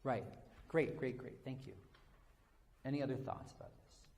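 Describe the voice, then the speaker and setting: A man's voice: medium pitch, normal speed, gravelly, darkish tone. A man teaching as a rabbi, leading an interactive text study and taking questions, talking conversationally with frequent "sort of" and "right?".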